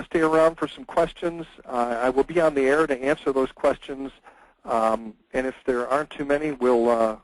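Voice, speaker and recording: A man's voice: mid-range voice, no echo, low-quality recording. A man, a lawyer presenting a webinar lecture, speaking conversationally with frequent "uh" and "um" fillers.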